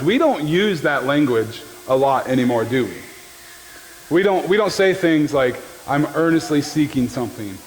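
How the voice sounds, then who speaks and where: A man preaching a sermon as the pastor, in a conversational, joking way that keeps checking in with the listeners. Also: fairly high pitch. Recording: long hall reverb with faint background noise.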